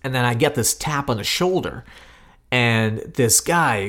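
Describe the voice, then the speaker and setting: A man in his thirties, a podcast co-host, telling a story in a lively, self-deprecating way. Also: medium pitch, a little slow. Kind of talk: casual storytelling chat.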